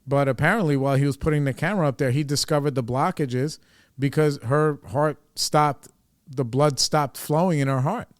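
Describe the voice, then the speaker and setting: A man's voice: on the high side, moderate pace, no echo, clean studio sound. A man hosting a podcast, telling a personal story in a casual, rambling way, full of fillers and swearing. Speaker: podcast host.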